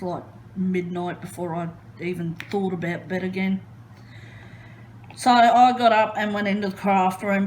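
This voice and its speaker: A woman chatting casually as she crafts, retelling a story in an expressive, animated way. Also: medium pitch, slight background noise. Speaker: crafting vlogger.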